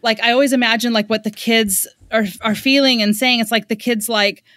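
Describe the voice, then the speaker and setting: A woman guest on a podcast telling a story about a client in a lively, conversational way, acting out the quotes as she goes. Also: a little high, fairly quick, no echo, studio quality. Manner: animated, quotes others in lively asides. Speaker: guest parenting expert.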